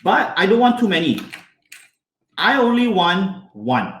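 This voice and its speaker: A man teaching a hands-on science lesson to children, animated and constantly asking them questions. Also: sits high, unhurried, roomy sound.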